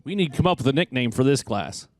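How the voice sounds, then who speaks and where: A man announcing a snowmobile race, doing fast, excited play-by-play full of track jargon. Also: mid-range voice, no echo. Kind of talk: play-by-play commentary.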